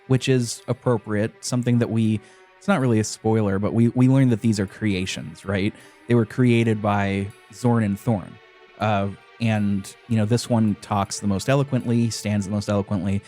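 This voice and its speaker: A man's voice: lowish voice, normal speed, faint music behind. Man hosting a casual game podcast. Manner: animated retelling, frequent "uh" fillers. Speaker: podcast host. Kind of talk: casual chat.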